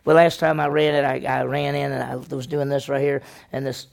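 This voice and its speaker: This male senior pastor has a mid-range, gravelly voice with little pitch movement, and he talks briskly. He teaches a conversational church lesson full of folksy personal stories, posing questions to the congregation and answering them himself.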